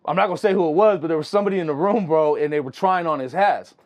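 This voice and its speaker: Fast-talking, animated young man. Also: fairly high pitch. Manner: animated, slangy, full of "you know what I'm saying". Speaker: music producer guest. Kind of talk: casual storytelling.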